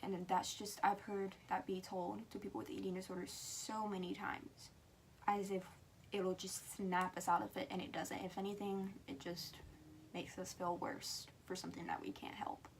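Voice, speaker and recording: A woman's voice: medium pitch, little pitch movement, moderate pace, a little hiss or hum. Frank, earnest teenage girl vlogging. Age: teen. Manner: frank and emphatic, sometimes dropping to a whisper. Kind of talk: earnest talk to camera.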